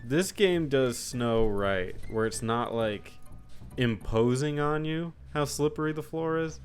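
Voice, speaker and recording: A man's voice: mid-range voice, lively intonation, a little slow, soft background music. Laid-back young man talking games. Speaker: podcast co-host. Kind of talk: casual gaming chat.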